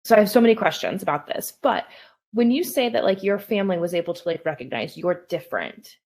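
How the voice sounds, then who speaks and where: A woman's voice: medium pitch, lively intonation, fast talker, a little mellow. A woman hosting a podcast asks a guest eager, searching questions, filling gaps with many likes. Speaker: podcast host. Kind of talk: conversational interview questions.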